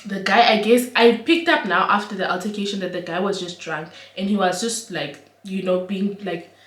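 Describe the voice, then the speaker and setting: A young woman, telling an animated, slangy storytime for her vlog. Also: mid-range voice, normal speed, slight background noise. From Namibia. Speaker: vlogger. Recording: roomy echo.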